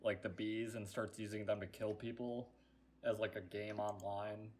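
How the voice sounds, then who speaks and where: A man's voice: on the low side, flat delivery, moderate pace. Young male co-host; loose, rambling explainer, filler-heavy delivery. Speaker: podcast co-host. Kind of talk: casual chat.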